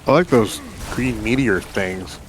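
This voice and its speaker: A man's voice: fairly low pitch, unhurried, slight background noise. A man hosting a live game stream, chatting casually and playfully, laughing often. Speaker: stream host.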